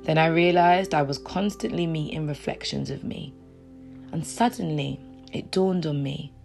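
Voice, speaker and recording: A woman's voice: low-pitched, vocal fry. A woman giving an uplifting talk and reading her own poem, repeating phrases and dropping to a whisper at times. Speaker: motivational speaker. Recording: soft guitar music behind.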